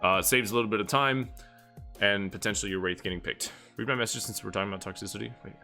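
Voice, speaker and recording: Bright-toned man casually breaking down replays. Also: on the low side, fast talker, faint music behind. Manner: casual, rambling, swears freely. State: getting out of breath. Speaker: streamer reviewing competitive match replays. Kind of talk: live stream commentary.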